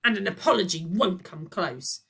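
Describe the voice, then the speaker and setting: A woman reading aloud puts on a pompous, blustering male teacher who bellows his lines. He drags out every word, slow and heavy with indignation. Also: lowish voice, animated, husky, pitched above the performer's own voice, full character voice. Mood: furious. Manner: shouting, drawn-out.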